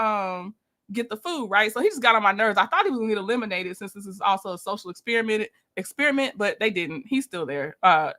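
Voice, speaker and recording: A woman's voice: on the high side, bright, forceful tone. A woman giving a casual, chatty reality-show recap, talking straight to her viewers with opinionated asides. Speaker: YouTube commentator.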